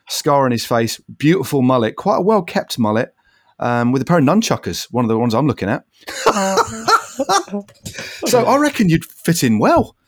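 Brief: male podcast host, casual and lively, lots of laughs and "mate", dry close recording. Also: medium pitch, dry recording. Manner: chatty, laughs often, says mate a lot. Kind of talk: casual interview chat.

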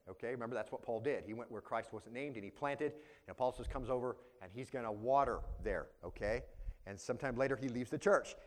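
A male pastor preaching a verse-by-verse sermon. He talks conversationally, keeps checking in with the congregation, and swings between loud emphasis and quiet asides. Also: medium pitch. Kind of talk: expository sermon.

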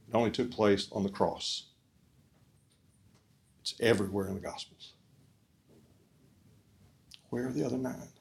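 Earnest man preaching with call-and-response. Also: mid-range voice. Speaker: speaker at a discipleship forum. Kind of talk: preaching talk.

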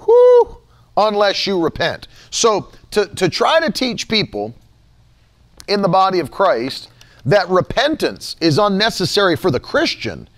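A man's voice: sits high, wildly swooping pitch, unhurried, fairly bright tone. A man preaching a sermon, reading scripture aloud and repeating key phrases with emphasis.

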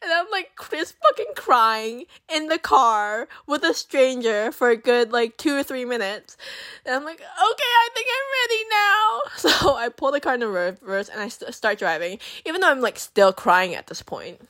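Animated, foul-mouthed young woman. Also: a little high, normal speed, hardly any pauses. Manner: profane, animated, chatty with many fillers. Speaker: vlogger. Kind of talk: casual storytelling.

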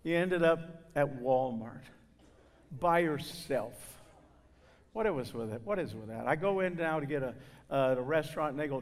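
An older man speaking to a gathering, telling humorous stories in a folksy, animated way and acting out the people in them. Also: mid-range voice, normal speed. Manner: folksy, animated, acts out voices. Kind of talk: humorous storytelling talk. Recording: long hall reverb.

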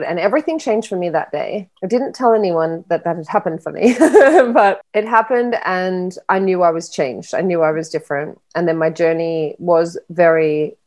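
A woman who works as a spiritual coach and medium, talking earnestly and reflectively in a relaxed interview. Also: lowish voice. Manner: earnest, reflective, slow and soft-spoken. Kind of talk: casual interview chat.

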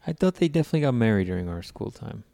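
A man's voice: on the low side, sing-song, very fast, creaky, mellow. A man co-hosting a podcast in casual chat, teasing his friend with questions and laughing often. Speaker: podcast co-host.

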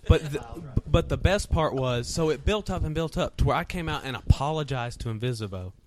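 A man's voice: on the high side, animated, fairly quick, noisy background. A man, a wrestler and podcast guest, telling stories with laughter and profanity. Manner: profane, laughing, acts out quotes. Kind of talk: animated storytelling. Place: podcast studio.

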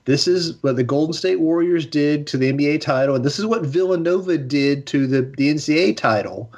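A man co-hosting a sports podcast in casual chat, enthusiastic and opinionated, speaking in quick bursts. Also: fairly high pitch, darkish tone. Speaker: podcast co-host. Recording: slightly dull lo-fi sound.

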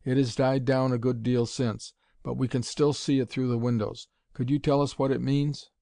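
A man voicing a calm Secret Service chief. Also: mid-range voice, normal speed, gravelly, dry recording, studio quality, lightly acted. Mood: reporting.

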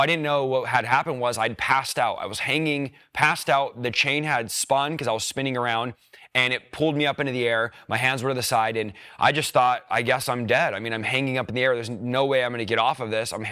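A man's voice: mid-range voice, sharp tone, no room sound. Earnest young man, dry close sound. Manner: earnest storytelling, quick bursts. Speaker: preacher. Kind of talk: personal testimony.

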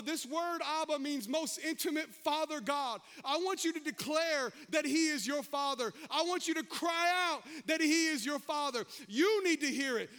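A man preaching with a very high, bright voice that rings out when he calls to the congregation. He shifts between shouted exhortations and folksy, joking asides. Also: moderate pace, few pauses. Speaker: pastor. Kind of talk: sermon.

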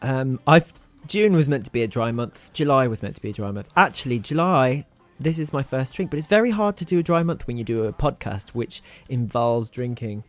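A man's voice: medium pitch, lively intonation, a little fast. A man with a Wolverhampton accent hosting a casual podcast chat, joking, teasing and swearing casually. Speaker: podcast host.

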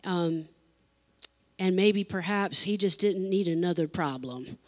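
A woman's voice: on the low side, a little slow. A woman pastor preaching an emotional sermon, repeating phrases for emphasis and laughing between lines.

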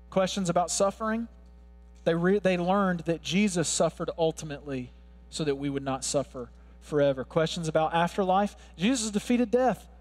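A male pastor with a high voice delivers an earnest sermon, building in force as he quotes scripture. His words carry a long reverb, as from a large church hall. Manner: earnest preaching, swelling louder when quoting scripture.

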